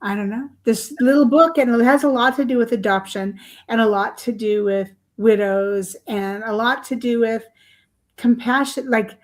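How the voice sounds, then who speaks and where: A woman's voice: fairly high pitch, fairly even intonation, moderate pace. An older woman, an author and guest, telling her story in a rambling, chatty way full of fillers and small laughs. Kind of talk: podcast interview storytelling.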